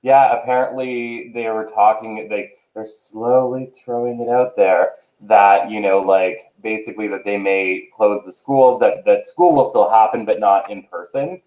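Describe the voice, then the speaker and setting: A man's voice: fairly low pitch, fairly even intonation, unhurried, few pauses. A man co-hosting a casual chat, agreeable and full of fillers, heard over a tinny line. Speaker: co-host. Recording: tinny phone-like line in an echoey room.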